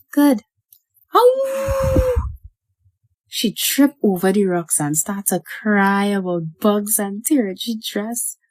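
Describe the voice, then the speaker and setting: Slow, dark-voiced woman narrating. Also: lowish voice, no room sound. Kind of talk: scripted horror story narration.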